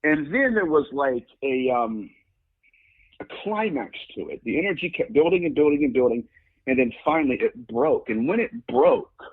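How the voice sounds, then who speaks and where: A man telling a story in a lively, sing-song way, his pitch leaping whenever he acts out the people in it. His voice is husky. The sound is thin and phone-like. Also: normal speed. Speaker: guest demonologist. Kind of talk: animated storytelling. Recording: phone-like lo-fi audio.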